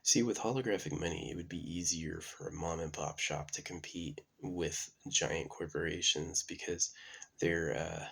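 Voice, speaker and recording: A man with a deep, gravelly voice who drifts from thought to thought, full of ums and half-started sentences. His tone is husky and rough at the edges. He sounds like someone thinking out loud on his own channel. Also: fairly even intonation, normal speed. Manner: meandering, many fillers and restarts. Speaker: channel host. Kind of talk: casual rambling monologue.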